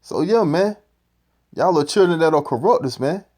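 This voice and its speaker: A man's voice: a little high, expressive, normal speed, a little mellow. A man giving profane, ranting scripture commentary, repeating "man" at the end of phrases. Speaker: street-style preacher commenting on a clip.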